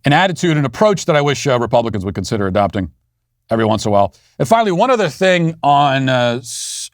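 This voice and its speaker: A man's voice: mid-range voice, dry recording, studio quality. A man hosting a political commentary show, talking in a sarcastic, mocking monologue and putting on sneering voices for the people he quotes.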